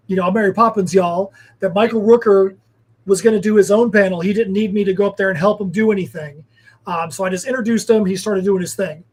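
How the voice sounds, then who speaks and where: High, husky man spinning anecdotes. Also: rough recording. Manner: rambling storyteller, filler-heavy. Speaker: guest, comic creator. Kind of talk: telling anecdotes in casual chat.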